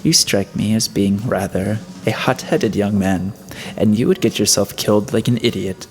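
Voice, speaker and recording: A man's voice: lowish voice, fairly even intonation, moderate pace, a little mellow, faint music behind, close to an everyday voice. A man voicing a menacing, mocking middle-aged schemer in a storybook reading, familiar and cajoling.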